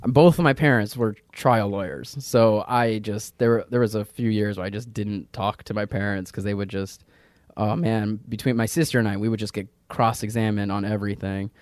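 A young man with a smooth, resonant, fairly low voice recounts his upbringing in a wry, easygoing way. The sound is dry and close. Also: fairly even intonation, normal speed, a little mellow, no echo. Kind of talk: casual storytelling interview.

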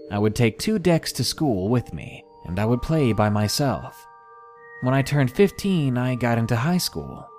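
Submitted scary stories told in the first person are read aloud by a man whose voice sits in the mid-range. He keeps his scripted horror narration measured and steady.

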